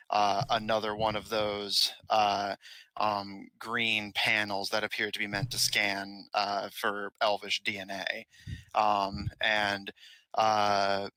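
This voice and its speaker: A man narrating as game master of a tabletop game, halting with many fillers. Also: lowish voice, sharp tone, no room sound, poor audio.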